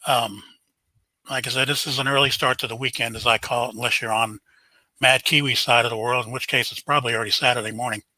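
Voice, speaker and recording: A man's voice: mid-range voice, steady tone, fast, pushed and bright, no room sound, poor audio. An older man, hosting a casual live stream, chatting and greeting viewers by name.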